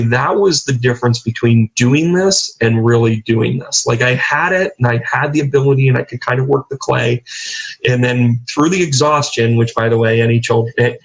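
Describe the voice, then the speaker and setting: A man's voice: medium pitch, rough recording. A middle-aged man, a guest on a talk show, telling stories in a rambling way with many restarts and fillers. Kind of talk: casual interview talk.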